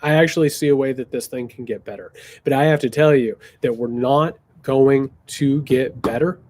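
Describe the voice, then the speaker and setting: A man's voice: mid-range voice, moderate pace, darkish tone. A man hosting a political Q&A stream, talking bluntly and passionately, swearing and repeating phrases for emphasis. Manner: mocking voices when quoting others. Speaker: political commentator hosting a viewer Q&A. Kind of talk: casual livestream commentary.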